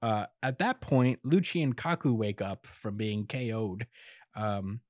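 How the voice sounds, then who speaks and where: A man's voice: fairly low pitch, lively intonation, no echo, studio quality. A young man co-hosting a podcast, recapping a comic chapter in a casual, laid-back way and chuckling often. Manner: laid-back, chuckles often, acts out quotes in quick bits. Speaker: podcast co-host recapping manga. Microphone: podcast microphone.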